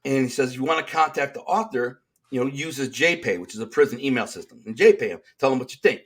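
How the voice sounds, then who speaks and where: A man's voice: medium pitch, quick pace. Streetwise Detroit man telling prison stories. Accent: Detroit, Michigan. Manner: streetwise, animated, acts out quoted dialogue. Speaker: interview guest, author. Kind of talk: storytelling in casual interview.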